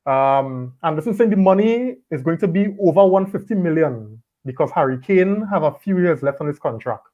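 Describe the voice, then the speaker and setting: High-voiced man hosting football chat. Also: moderate pace, few pauses. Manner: relaxed, repeats words while gathering thoughts. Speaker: podcast host. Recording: dull lo-fi audio.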